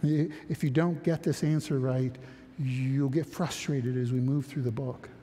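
A man's voice: medium pitch, steady tone, unhurried, dark tone, a little hiss or hum. A man preaching a sermon, emphatic, asking rhetorical questions and answering them. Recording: reverberant hall.

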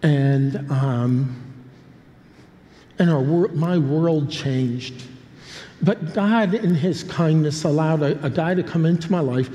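An older pastor preaches a sermon, telling a rambling story he keeps interrupting with humorous asides and restarts. His voice is somewhat high, slow and dark in tone, with long hall reverb.

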